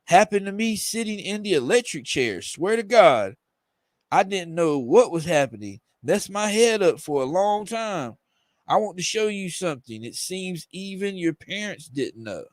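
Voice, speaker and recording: A man's voice: sits high, very animated, unhurried, dry recording. A man reading aloud the lines of a menacing male villain who taunts a young heroine. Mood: taunting. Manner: reading aloud from a comic page.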